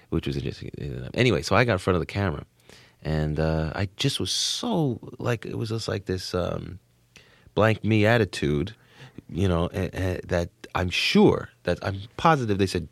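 A man from suburban New Jersey, a comedian being interviewed, who talks in a rambling, excitable way full of restarts. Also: deep voice, normal speed, gravelly, dry recording. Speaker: comedian guest. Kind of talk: casual interview talk.

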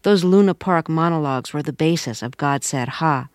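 A woman radio interviewer introducing a guest and asking questions in a measured, calm way. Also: low-pitched, no echo, studio quality.

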